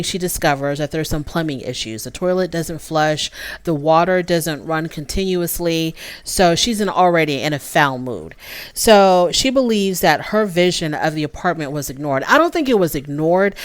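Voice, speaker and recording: A woman's voice: low voice, no room sound. A woman giving a casual, opinionated recap of a show, chatty and full of fillers. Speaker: show reviewer.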